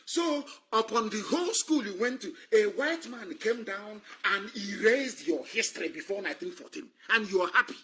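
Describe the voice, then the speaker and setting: A man's voice: high-pitched, lively intonation, normal speed, pushed and bright, husky. A man speaking on a live stream, delivering an impassioned political monologue, scornful and emphatic, who repeats phrases for effect. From Nigeria.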